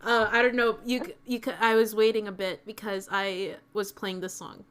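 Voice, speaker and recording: A woman's voice: mid-range voice, flat delivery, moderate pace, a bit bright, smooth. A young woman streamer reading a fan story aloud and chatting, giggly and emotional. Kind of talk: casual chat and reading fan fiction aloud.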